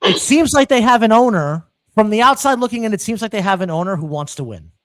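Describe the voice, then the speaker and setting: A man's voice: high-pitched, lively intonation, fast, a bit bright, no echo. A man co-hosting a casual podcast, ranting comically and swearing constantly. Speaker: podcast co-host.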